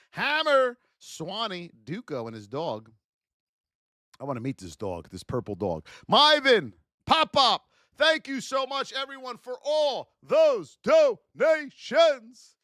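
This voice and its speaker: A man with a high, animated voice hosts a live trading stream, swinging freely up and down as he talks. He is blunt and chatty, trading stories and speaking straight to his viewers. The sound is close and dry, with no room around it. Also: dry recording.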